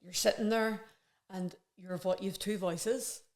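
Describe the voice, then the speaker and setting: A woman's voice: mid-range voice, fairly even intonation, measured pace. Woman, podcast guest, earnest rambling chat, reflective. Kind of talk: casual conversation.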